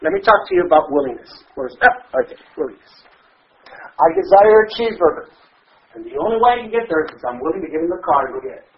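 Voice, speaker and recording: High-voiced man sharing at a recovery meeting. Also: sing-song, fast talker. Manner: conversational, asks the audience rhetorical questions; blunt, with occasional cussing. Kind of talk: personal share to a group. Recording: dull lo-fi recording.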